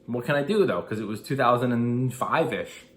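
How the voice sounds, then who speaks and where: A man in his thirties tells a personal investing story in a casual, animated way, slipping into the voices of the people in it. His pitch sits in an ordinary middle range for a man. The room gives his voice a clear echo. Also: moderate pace. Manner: animated, acts out quoted dialogue. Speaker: investing vlogger. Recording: echoey room.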